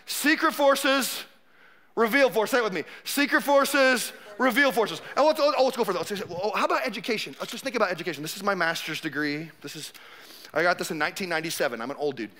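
A pastor in his forties preaching a loose, joking sermon. His voice sits very high for a man and rings bright and forceful. He keeps slipping into playful little acted-out scenes. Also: expressive, fast talker. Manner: conversational, joking, acts out quotes.

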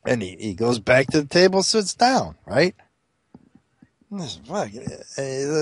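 A man telling crude jokes as an animated storyteller, doing many character voices. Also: medium pitch, takes it slowly, no echo. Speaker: joke teller.

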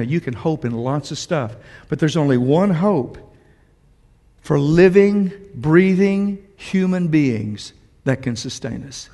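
A man preaching a sermon, swinging from hushed, drawn-out words to loud emphatic peaks. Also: a little high. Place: church sanctuary. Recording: long reverb in a church hall.

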